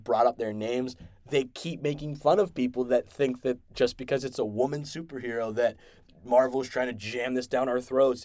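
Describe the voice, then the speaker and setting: Excited rambling man recapping a show. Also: medium pitch, no room sound. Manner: excited rambling with many restarts and fillers. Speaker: podcast host. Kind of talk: casual recap and review.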